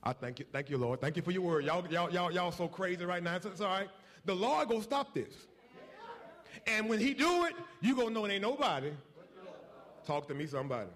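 A man's voice: high voice, lively intonation, fairly quick, fairly bright tone. A man preaching a sermon, emphatic and folksy, calling out to the congregation and pushing for responses.

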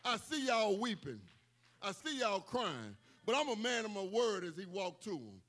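High, bright-voiced man preaching. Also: big pitch swings, normal speed, slight background noise. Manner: emphatic, repetitive call-outs, bursts of shouting; casual preaching, folksy asides and humor. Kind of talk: sermon.

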